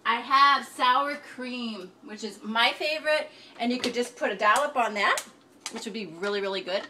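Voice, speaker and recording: A chatty, rambling woman with a fairly high voice walks through a home cooking demo in her kitchen. She sits back from the mic, and a steady background noise runs under her talk. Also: moderate pace, recorded from a distance. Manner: chatty, rambling, self-deprecating. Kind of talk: casual cooking demonstration.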